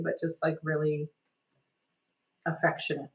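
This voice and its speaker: A woman energy healer guiding a healing session, speaking gently and soothingly, meandering with many "like"s and "sort of"s. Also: low voice, steady tone, moderate pace, low-quality recording.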